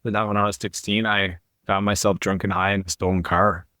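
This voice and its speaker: A man's voice: fairly low pitch, level tone, brisk, bright, forceful tone, no room sound, studio quality. A middle-aged man, a podcast guest, telling his life story candidly and earnestly, often quoting other people as he goes.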